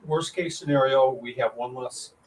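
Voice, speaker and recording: A man who works as a reptile vendor, telling a story in a relaxed, lowered voice. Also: normal speed, crowd noise. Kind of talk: casual chat. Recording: distant from the mic.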